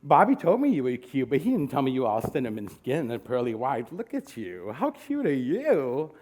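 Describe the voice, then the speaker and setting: A man voicing a flamboyant, doting grown man who calls everyone honey and baby, in a purring drawn-out way. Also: medium pitch, huge pitch swings, a little mellow. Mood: sassy doting.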